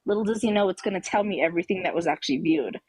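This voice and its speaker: On a live talk show, a woman caller who is a mother tells a personal story with emphasis, acting out the dialogue she quotes. Her lowish voice races along, slightly rough, in a rough recording with no echo.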